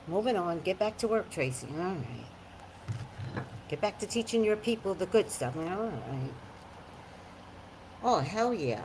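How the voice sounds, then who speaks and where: A woman psychic chatting on a live stream, greeting viewers by name and giving her blunt, animated opinions. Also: fairly low pitch, a little slow, pauses often, background noise.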